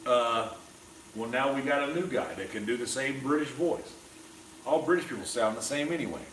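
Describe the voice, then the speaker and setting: Hosting a cooking livestream from an indoor kitchen, an opinionated man rambles casually and swears as he goes. His medium-pitched, slightly bright voice comes at normal speed from a distant mic, sitting back in a roomy space with a faint hum behind him.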